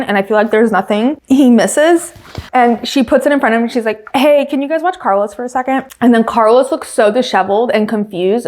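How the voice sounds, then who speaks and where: Woman podcast host, chatty and casual, mid-pitched, laughs easily between quick asides. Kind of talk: casual chat.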